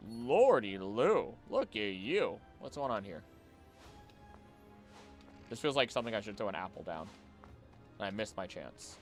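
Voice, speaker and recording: A man chatting casually on a live gaming stream, jokey and animated, talking to the creatures on screen. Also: fairly low pitch, measured pace, long pauses, soft background music. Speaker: streamer and voice actor.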